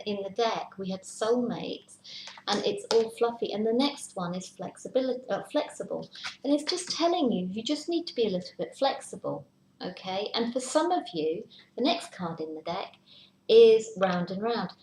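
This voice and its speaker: A woman's voice: fairly high pitch, expressive, moderate pace, darkish tone. A woman giving a casual tarot reading, chatty, sometimes dropping into a whisper to act out worries. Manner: chatty, acts out worried inner voices in whispers. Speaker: tarot reader. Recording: echoey room, faint hiss.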